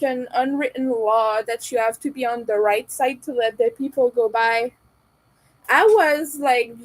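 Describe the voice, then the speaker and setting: A woman's voice: sits high, a little mellow, rough recording. A woman from Montreal chatting casually to her live audience, candid and opinionated, often laughing between remarks. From Canada, Montreal. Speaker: livestreamer.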